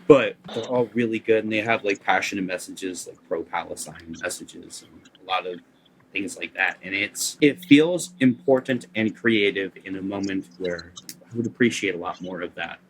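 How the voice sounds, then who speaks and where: Male podcast host, very deep voice, rambling enthusiastic music chat, vocal nodules. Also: normal speed, a little hiss or hum, poor audio. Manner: enthusiastic, rambling, lots of fillers.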